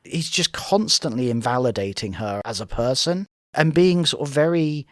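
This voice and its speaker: A man's voice: mid-range voice, expressive, normal speed, dry recording, studio quality. A man co-hosting a casual reality TV reaction chat, breaking the show down analytically. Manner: analytical, mimics voices in quotes.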